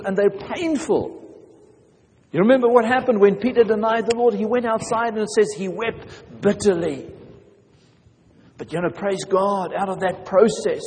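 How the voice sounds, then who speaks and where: A man's voice: high voice, darkish tone, big-room sound. A man preaching a sermon as pastor, earnest, often restarting his phrases. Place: church.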